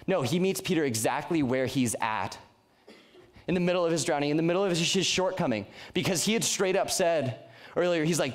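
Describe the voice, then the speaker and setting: A man's voice: a little high, animated, brisk. A young man preaching a youth sermon in an earnest, conversational way, often restarting his sentences. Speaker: youth pastor.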